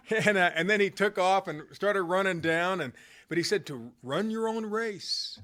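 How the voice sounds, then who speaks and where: A middle-aged man with a slightly high-pitched voice tells a motivational story from his own life. He talks casually and rambles a little, leaning on fillers and restarting his sentences. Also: unhurried, sharp tone. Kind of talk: motivational anecdote told conversationally.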